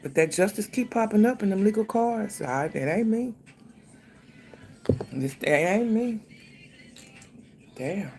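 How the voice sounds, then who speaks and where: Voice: mid-range voice, expressive, slow, pauses often, a little mellow, soft background music. A tarot reader giving a casual reading, thinking aloud, speaking straight to the viewer and swearing freely.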